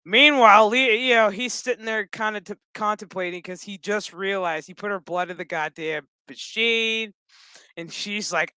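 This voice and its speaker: A man rambles through a casual, swear-filled TV episode recap, cracking jokes as he goes. His voice is bright and crisp. The recording is dry and close. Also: sits high, moderate pace, dry recording, rough recording. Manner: profane, rambling and joking. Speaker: gaming channel host.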